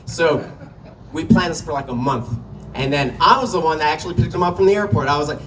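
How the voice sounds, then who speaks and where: A man performing stand-up, rambling through a crude story and chuckling at his own jokes. His voice sits on the high side. The mic picks him up from some distance, with a faint hiss of noise behind him. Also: fast, fairly bright tone. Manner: loose storytelling, profane, laughing at own jokes. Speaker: stand-up comic. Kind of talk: stand-up comedy set. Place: small comedy venue.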